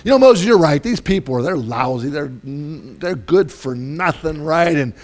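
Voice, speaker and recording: An exasperated God, put on by a male preacher in a sermon retelling. The voice climbs well above the speaker's usual pitch and pushes loud and emphatic. He sounds done with the whole people he is talking about. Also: animated, unhurried. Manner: loud, raised and emphatic, then mild and offhand.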